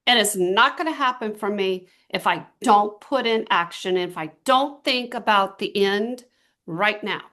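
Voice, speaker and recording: A middle-aged woman giving a motivational talk to a small group, telling stories with emphatic, drawn-out stresses. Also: mid-range voice, pushed and bright. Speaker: team trainer.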